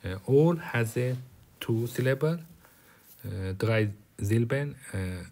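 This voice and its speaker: A man's voice: medium pitch, expressive, slow pace, warm tone. A man whose first language is Persian, teaching German vocabulary in English, with many fillers and restarts. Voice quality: drops to a whisper at times. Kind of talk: recorded German lecture.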